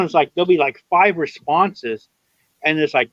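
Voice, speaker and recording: Higher-voiced guy rambling and cussing, dull dry sound. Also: normal speed, no room sound. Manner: rambling, swears freely. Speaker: live stream guest. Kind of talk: casual chat.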